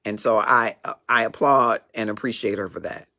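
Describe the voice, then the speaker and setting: A man's voice: fairly low pitch, fairly even intonation, normal speed, sharp tone. A middle-aged man hosting a talk show, giving an emphatic, preachy and digressive motivational monologue.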